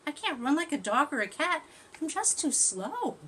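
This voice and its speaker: A woman's voice: sits high, big pitch swings, normal speed, pushed and bright, a little hiss or hum, pitched above the performer's own voice, exaggerated voice. A woman voicing a small young girl tortoise in a storybook, speaking plaintively and earnestly.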